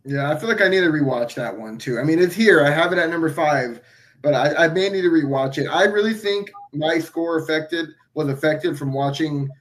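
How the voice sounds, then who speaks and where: A man's voice: a little high, animated. Easygoing man film reviewer. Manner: easygoing, agreeable, halting with fillers. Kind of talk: casual film discussion.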